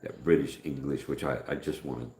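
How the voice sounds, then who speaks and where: A man's voice: very deep voice, fairly even intonation, brisk, darkish tone, a little hiss or hum. A middle-aged man from the United States hosting a live stream, rambling through stories in casual chat and acting out quoted dialogue. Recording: echoey room.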